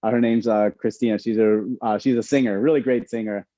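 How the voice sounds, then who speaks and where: A man, an incoming resident physician, telling stories in a casual, animated way with lots of fillers. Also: on the low side, a little fast, no echo, muffled recording. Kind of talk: casual storytelling talk.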